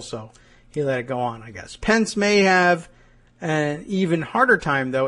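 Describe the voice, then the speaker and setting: A man hosting a podcast, musing wryly through political commentary with frequent hesitations and dry asides. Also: on the high side. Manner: wry, musing, sardonic with frequent "uh" and "I guess". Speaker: podcast host.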